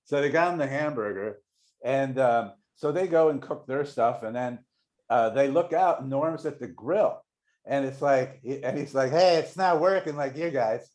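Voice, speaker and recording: A middle-aged man, a longtime TV showrunner, telling casual anecdotes in a rambling way, full of restarts and quick acted-out voices for the people he quotes. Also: mid-range voice, darkish tone.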